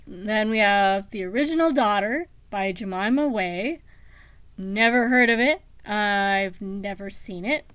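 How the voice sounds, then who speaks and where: A woman talking casually about books, slow and meandering with many pauses and ums. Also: mid-range voice, a bit bright, no room sound. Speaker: book vlogger. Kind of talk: casual book chat.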